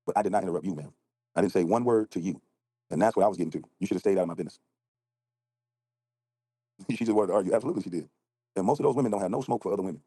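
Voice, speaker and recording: Man, livestream rant, very fast, combative, low husky voice, warm dark tone, dry sound. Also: dry recording. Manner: rapid, combative, acts out both sides of arguments. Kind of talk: heated casual livestream rant. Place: outdoors on a balcony at night.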